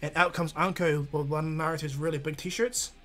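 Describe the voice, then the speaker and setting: A man narrates a fan-made anime story in a loose, rambling way, full of restarts and fillers. His voice sits fairly high, with faint background music under the telling. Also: steady tone, fairly quick, fairly bright tone. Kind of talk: casual fan-fiction narration.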